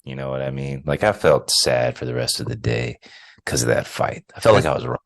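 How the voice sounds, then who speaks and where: Very deep gravelly podcast man. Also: lively intonation, fairly quick, dry recording. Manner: laid-back, rambling, full of fillers. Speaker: podcast co-host. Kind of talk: casual chat.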